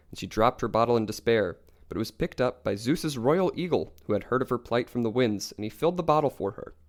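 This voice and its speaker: A young man co-hosting a podcast, calmly retelling myths in a casual storytelling style. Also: medium pitch. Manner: calm, even retelling of myths. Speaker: podcast co-host.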